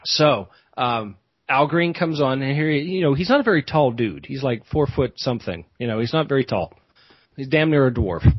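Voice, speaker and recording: A man's voice: medium pitch, expressive, normal speed, no echo, highs cut off. Rambling man telling a story. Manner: rambling, many restarts and asides. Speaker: podcast host. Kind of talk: casual storytelling.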